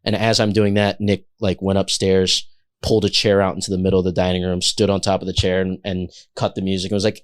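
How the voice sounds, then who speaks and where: A man, a chef who is a guest on a podcast, telling animated stories in casual chat and acting out the voices of the people in them. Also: sits low, fast. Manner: animated, acts out quoted voices.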